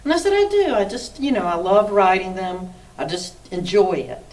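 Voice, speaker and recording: A middle-aged woman from the South, an author telling animated anecdotes in an interview, acting out dialogue and laughing often. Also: mid-range voice, normal speed. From Mississippi, US South. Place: arts council interview room. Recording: distant mic with faint background noise.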